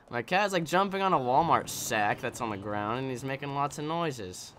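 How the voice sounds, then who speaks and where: A man's voice: medium pitch, animated, normal speed, a bit bright, slight background noise. A man giving casual let's-play commentary while he games, rambling, joking and swearing. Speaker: gameplay commentator.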